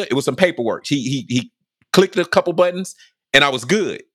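A man telling a personal story on a podcast in a casual, animated way, repeating phrases for emphasis and acting out what people said. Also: a little high, normal speed, no room sound, studio quality. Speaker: podcast speaker telling his life story.

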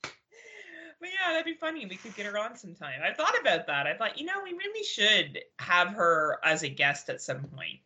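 Woman podcast cohost, super animated and bright, laughs a lot, swears casually. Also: medium pitch, moderate pace. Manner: laughs often, swears freely. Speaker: podcast co-host. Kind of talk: casual chat.

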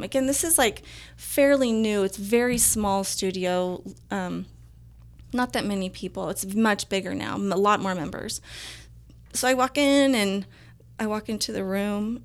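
Speaking at a normal speed in a mid-range voice, a female interview guest shares a personal story in a casual way. She's animated and performs the quoted lines of dialogue.

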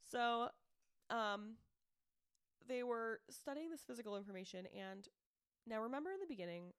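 A woman's voice: fairly high pitch, moderate pace, smooth, no echo, clean studio sound. Chatty woman retelling a mystery case. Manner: chatty storyteller, animated quoted voices, frequent "like" and "um". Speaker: podcast co-host presenting the case. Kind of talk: casual chat.

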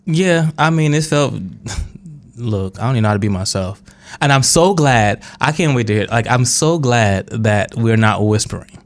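A man's voice: medium pitch, expressive, moderate pace. A man chatting casually as a podcast guest, teasing and laughing often. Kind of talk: casual chat.

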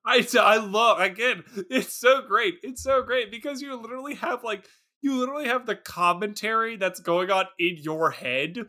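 An excitable man co-hosting a casual podcast, gushing about favorite movie moments and laughing a lot. His voice is high and bright, with a sharp edge. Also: moderate pace. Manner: enthusiastic, gushing, laughs often. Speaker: podcast co-host.

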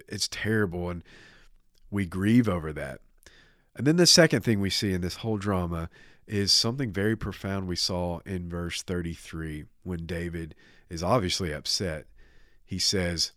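A man's voice: low voice, no echo, studio quality. A man preaching a sermon, retelling a scripture story casually and acting out the characters' lines. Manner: animated retelling with voiced quotes, casual fillers. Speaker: pastor.

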